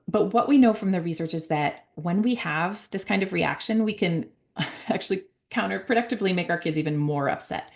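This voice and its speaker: A middle-aged woman giving a conversational talk on parenting as an author and guest speaker, with frequent fillers and self-corrections. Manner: acts out parent and child voices at a higher pitch.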